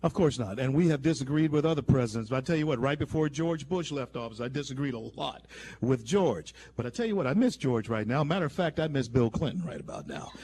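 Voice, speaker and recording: A man's voice: medium pitch, animated, fast, mellow, a little hiss or hum. A man hosting political talk radio, speaking in an emphatic, opinionated way with frequent restarts. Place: radio studio.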